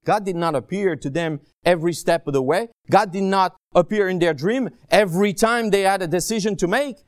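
A man preaching a sermon as a guest preacher, stretching key phrases out slowly and swinging from soft asides to raised, pleading lines. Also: high voice, dry recording, clean studio sound. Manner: slow, drawn-out emphasis on key phrases.

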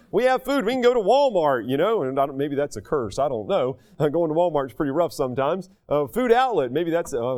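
High-voiced earnest male preacher. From United States. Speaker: pastor. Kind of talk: sermon.

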